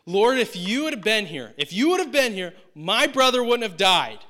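A man preacher voicing an upset, grieving woman pleading with Jesus in a loud, raised voice. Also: high voice, big pitch swings, normal speed, voice pushed up, full character voice.

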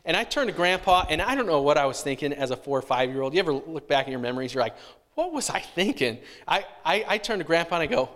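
A man gives a sermon in a slightly higher voice, slipping into an animated storytelling mode with acted-out childhood voices. His voice carries a long reverb from a large hall. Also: quick pace. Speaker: pastor.

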